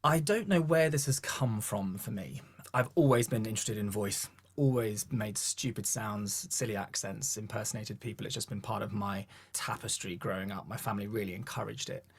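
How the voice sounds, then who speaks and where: Husky, posh southern English man. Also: on the low side, moderate pace. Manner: animated storyteller who acts out quoted voices. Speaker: vocal coach and gospel choir leader. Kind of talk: podcast interview, relaxed storytelling.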